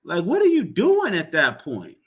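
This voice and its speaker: Man, high voice, profane repetitive rant, casual talk. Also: wildly swooping pitch, normal speed, husky. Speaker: commentary vlogger.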